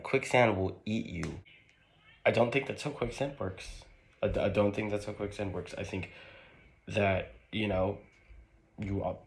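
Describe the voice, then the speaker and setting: A man playing a pair of young college bros in a skit, trading slangy banter full of "bro" and "man.". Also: low voice. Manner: laid-back, drawn-out "bro" and "man" slang.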